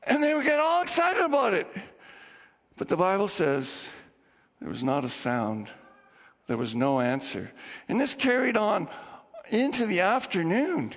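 High-voiced pastor preaching in a reverberant hall. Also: male voice, a little slow, long pauses. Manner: animated storytelling, acting out the people in the story. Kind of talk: sermon. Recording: dull lo-fi recording with long hall reverb.

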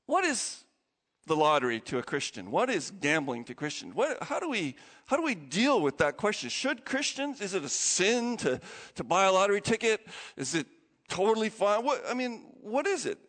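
A man preaching a sermon, opening with a prayer and telling stories with animated, lively delivery. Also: high voice, moderate pace. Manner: animated storytelling, acting out quoted voices. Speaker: pastor. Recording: long hall reverb.

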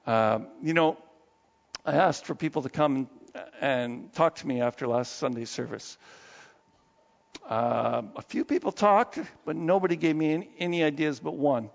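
A male pastor preaching a sermon in a conversational, animated way, dropping to low asides and then rising into excited bursts. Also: moderate pace, gravelly. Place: church sanctuary. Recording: long hall reverb, dull muffled sound.

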